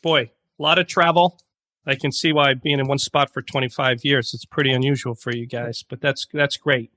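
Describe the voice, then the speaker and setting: A man's voice: mid-range voice, steady tone, moderate pace, pushed and bright, no room sound, studio quality. A man hosting a podcast interview, encouraging his guests and guiding the questions. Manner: encouraging, brief affirmations. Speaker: podcast host.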